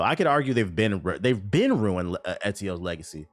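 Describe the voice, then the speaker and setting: A man's voice: on the low side, moderate pace, few pauses, soft background music. A man streaming about gaming news, ranting and joking with lots of swearing and sarcasm. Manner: animated, swearing, sarcastic, laughs often. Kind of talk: casual profane reaction rant.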